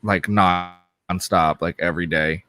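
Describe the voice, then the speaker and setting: A man co-hosting a podcast in casual chat, candid and quick to swear. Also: low-pitched, steady tone, bright, forceful tone, no room sound. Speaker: podcast co-host.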